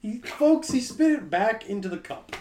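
A man co-hosting a podcast in casual banter, answering with dry, deadpan put-downs. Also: sits high, moderate pace, reverberant, slight background noise. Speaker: podcast co-host.

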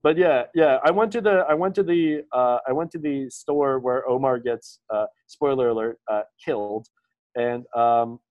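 A man in his thirties co-hosting a podcast in casual chat, animated, swearing a lot and full of fillers. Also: medium pitch, normal speed, highs cut off. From Maryland, USA. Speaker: podcast co-host.

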